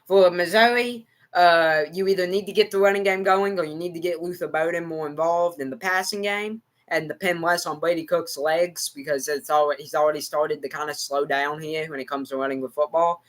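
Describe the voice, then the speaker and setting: This man's voice sits a little high, brisk and steady, a bit bright, with hardly any pauses. He's a sports streamer with an American country accent, reacting to football live in a rambling, repetitive way while addressing his chat.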